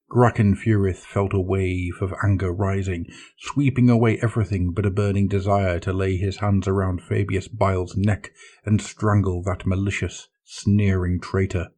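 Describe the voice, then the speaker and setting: A man narrating dramatic science fiction in a measured storytelling manner. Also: sits low, steady tone, warm tone.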